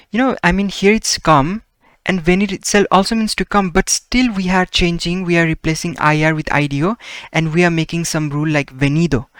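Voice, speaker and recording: Man, language teacher, slightly high voice, patient explaining, dry close sound. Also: a bit bright, clear, resonant tone, no room sound. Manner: patient, repeats "okay?" and "right?" checks. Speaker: Spanish teacher. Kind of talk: explaining grammar lesson.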